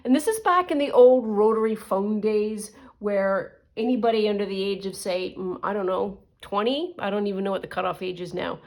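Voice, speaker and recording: A woman's voice: medium pitch, normal speed, hardly any pauses. Chatty middle-aged woman telling a rambling story. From Canada. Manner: rambling, chatty, with asides and restarts. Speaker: crafting vlogger. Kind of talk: casual storytelling while crafting.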